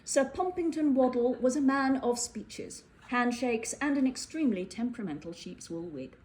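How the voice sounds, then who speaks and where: A woman reading a whimsical fairytale aloud, playful and animated. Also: fairly high pitch, normal speed, low-quality recording. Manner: playful, animated, with voiced characters. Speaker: storyteller. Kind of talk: storybook narration.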